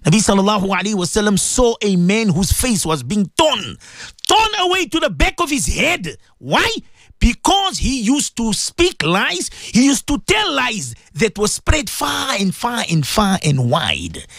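A man giving an impassioned radio sermon to his listeners, emphatic and repetitive, with sudden leaps in pitch. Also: big pitch swings, a little slow, gravelly, a bit bright, no room sound, studio quality. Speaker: radio presenter giving religious advice.

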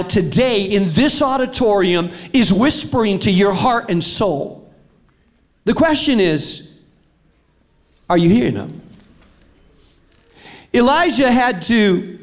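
Middle-aged male pastor, fairly high voice, sermon in a big auditorium, dramatic loud-soft swings. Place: large auditorium.

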